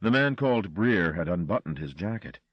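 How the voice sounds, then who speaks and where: A man narrating a horror audiobook with an expressive, dramatic reading. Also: sits low, normal speed, breathy edge, no room sound, muffled recording.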